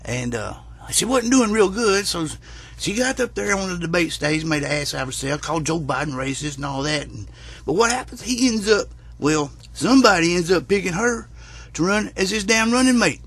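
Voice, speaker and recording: A man's voice: high-pitched, animated, normal speed, a bit bright, breathy edge, dry recording. A man delivers a rambling, profane, folksy rant as a comic vlogger. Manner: rambling, profane, drawling storyteller.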